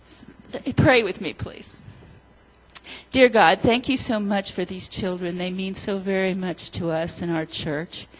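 A woman leading a children's sermon, telling a story gently and asking the children questions. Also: medium pitch, rough recording.

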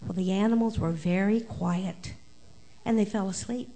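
A woman giving the children's message at church, telling a story in a lively, animated way. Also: mid-range voice, normal speed.

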